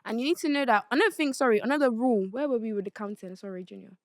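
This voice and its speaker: A woman's voice: a little high, racing, no echo. A young woman hosting a podcast, telling a story bluntly and animatedly, swearing freely. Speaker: podcast host. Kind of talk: casual chat, storytelling.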